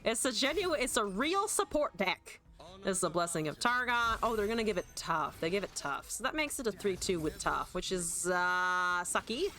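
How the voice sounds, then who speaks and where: A woman's voice: medium pitch, animated, moderate pace, pushed and bright, faint music behind. A woman streamer chatting casually and joking at her own expense while she plays a card game, swearing now and then. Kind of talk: casual gameplay commentary.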